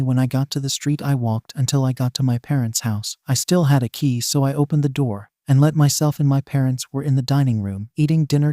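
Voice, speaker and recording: Man reading a story in a dark dry voice. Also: medium pitch, no room sound. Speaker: narrator. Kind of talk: first-person fan fiction reading.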